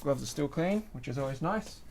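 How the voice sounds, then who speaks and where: A man's voice: a little high, expressive, brisk, creaky, darkish tone, a little hiss or hum. A man hosting a livestream, casually talking through a hands-on craft demonstration at his workbench, explaining each step as he works and laughing now and then. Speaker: livestream host. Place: home workbench.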